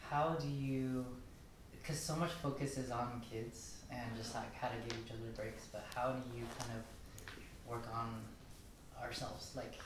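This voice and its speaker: A man attending a parenting class, asking a question in a halting way as he searches for words. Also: medium pitch, flat delivery, background noise. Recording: echoey room, mic far off.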